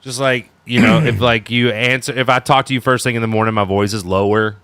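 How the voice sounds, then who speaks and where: A man's voice: medium pitch, fairly even intonation, a little fast, fairly bright tone, clear, resonant tone, no room sound. A man co-hosting a casual band podcast from Georgia, teasing and cursing as he chimes in. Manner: interjecting, profane, teasing. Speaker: band member and podcast co-host. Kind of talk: casual banter.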